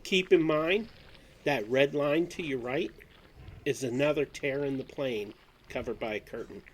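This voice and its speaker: A man's voice: mid-range voice, unhurried, rough recording. A man in a mid-range voice running a tabletop game, walking players through moves and rules at an easy pace. A faint hum sits under the recording. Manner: relaxed, explains rules step by step. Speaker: game master.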